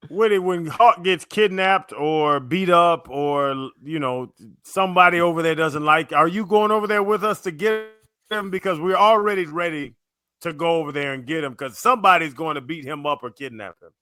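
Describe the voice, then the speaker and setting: Bright, blunt male radio co-host. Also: a little high, normal speed, smooth, no echo. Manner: blunt, joking. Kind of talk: casual sports radio chat.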